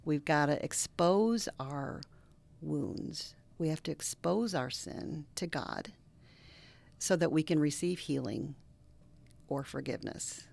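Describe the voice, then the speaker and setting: A middle-aged woman with a low, gravelly voice, talking in an interview. She tells stories earnestly and with feeling, and often drops to a hushed, almost whispered tone. Her delivery sounds close and conversational. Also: slow. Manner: earnest, animated storyteller who drops to soft near-whispers. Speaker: reverend and guest. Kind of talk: interview conversation with personal storytelling.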